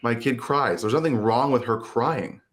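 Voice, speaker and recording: A man of middle pitch talks like a therapist in a relaxed interview. He explains in a loose, conversational way and slips into lively quoted self-talk to make his points. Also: normal speed. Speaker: therapist guest.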